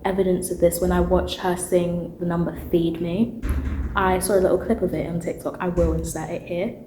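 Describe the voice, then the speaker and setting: A woman's voice: fairly low pitch, a little fast, roomy sound, faint music behind, poor audio. A young woman and drama student, chatting animatedly in a casual vlog. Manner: chatty and animated, with asides and laughs.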